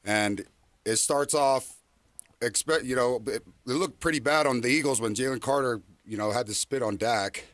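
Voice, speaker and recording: A man's voice: medium pitch, moderate pace, a bit bright. A man, a former football player and co-host, telling stories in a laid-back, folksy way on a sports radio show, speaking into a studio microphone. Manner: laid-back, folksy storytelling with many fillers. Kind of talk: casual sports radio chat.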